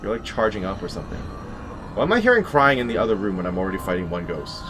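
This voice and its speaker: A man's voice: fairly low pitch, very animated, quick pace, background noise. A man giving let's play commentary on a horror game, wry and talking back to the enemies as he plays. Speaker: gameplay commentator. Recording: game music playing behind. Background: game music.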